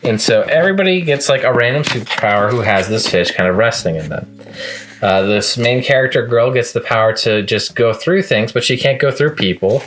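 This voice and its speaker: A man's voice: mid-range voice, expressive, fairly quick, fairly bright tone, slight background noise. A man talking casually in a manga review vlog, chatty and amused, often laughing at the scenes he recaps.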